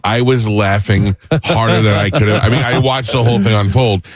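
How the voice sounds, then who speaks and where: Deep-voiced man telling a funny story. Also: a little fast, no room sound, studio quality. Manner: animated storyteller, acts out voices in quotes. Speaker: radio show host. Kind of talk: casual storytelling chat.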